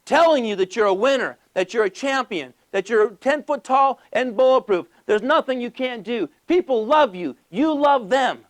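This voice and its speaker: A man giving a passionate motivational business speech to a live audience, emphatic and full of rhetorical questions and rapid-fire lists. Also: very high-pitched, animated. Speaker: motivational speaker.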